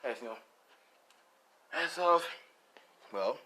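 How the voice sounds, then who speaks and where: A man's voice: fairly high pitch, animated, slow, sharp tone. Rambling young man telling a story. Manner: rambling, heavy on fillers like "you know" and "like". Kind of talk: improvised fan-story narration.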